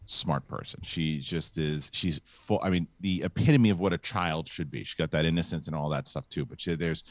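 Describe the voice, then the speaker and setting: A middle-aged man hosting a casual chat show, telling a story in a halting, rambling way with many restarts. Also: extremely low pitch, no room sound. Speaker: host.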